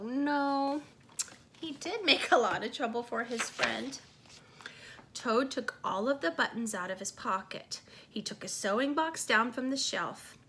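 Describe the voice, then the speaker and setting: A woman's voice: a little high, fairly bright tone. A woman reading a children's storybook aloud, with chatty asides to young listeners.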